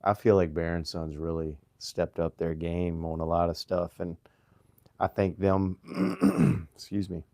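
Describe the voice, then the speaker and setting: A very low-pitched man with a mild Virginian Southern accent talks casually to his livestream viewers. He speaks in a relaxed, halting way, restarting sentences and clearing his throat often. The sound is dry and close, with no room echo. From Virginia, USA. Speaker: livestream host.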